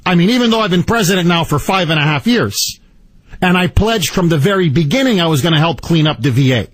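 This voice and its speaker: A man doing a sarcastic impression of a president, halting and feigning shock and dismay. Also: fairly high pitch, lively intonation, dry recording. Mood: mock outrage. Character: mock-shocked male president, whiny and evasive.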